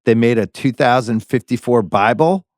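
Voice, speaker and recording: A middle-aged American man hosting a podcast in casual chat, relaxed and wry as he steers the talk. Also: medium pitch, normal speed, no room sound, studio quality. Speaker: podcast host.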